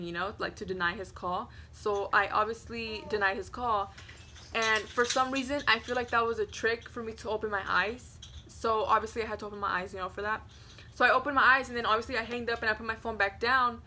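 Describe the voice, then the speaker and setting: A woman in her twenties vlogs to camera, telling a story in a casual, rambling way packed with "like," and she hushes her voice at the scary parts. Her pitch is on the high side, she talks a little fast, and there's a little hiss or hum.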